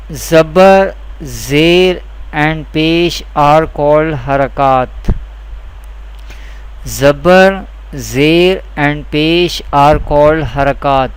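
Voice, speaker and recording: Slow, deliberate male Quran teacher. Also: a little high, clean tone, rough recording. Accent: South Asian English. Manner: repeats each rule slowly and deliberately. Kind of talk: slow instructional lesson.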